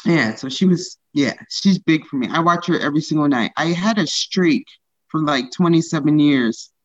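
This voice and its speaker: A woman stand-up comedian in a casual interview, talking fast and loose with lots of "like" fillers and frequent laughter. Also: low voice, no echo, muffled recording.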